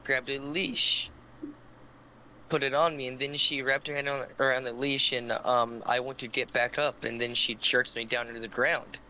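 A man's voice: medium pitch, flat delivery, normal speed, pushed and bright, a little hiss or hum, rough recording. A man co-hosting a podcast, telling a long story in casual chat, rambling with lots of fillers, and stammering when he gets teased. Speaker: podcast co-host.

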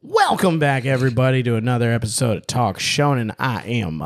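A male podcast co-host who chats in a relaxed, playful way. He teases his partner, laughs easily, and his pitch moves up and down a lot. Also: brisk, loud music behind the voice. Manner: teasing, laughs often. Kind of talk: casual chat.

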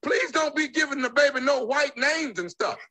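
A man making a radio prank call, calm and provocative as he goads the caller. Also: very high voice, normal speed.

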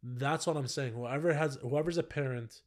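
Man, podcast guest, blunt and emphatic, mid-pitched, casual. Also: moderate pace. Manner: blunt and emphatic, swears freely.

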